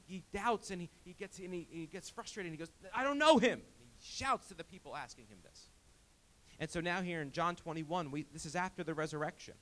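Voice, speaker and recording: A man delivers a sermon with a slightly high voice for a man. He swings between lively emphasis and hushed, quiet passages, repeating and restarting words as he goes. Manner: animated, emphatic, with frequent restarts. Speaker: pastor.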